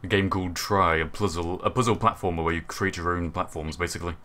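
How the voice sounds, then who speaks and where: A British man hosting a casual livestream chat on a voice call, animated and quick to laugh. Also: low-pitched. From Britain. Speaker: host.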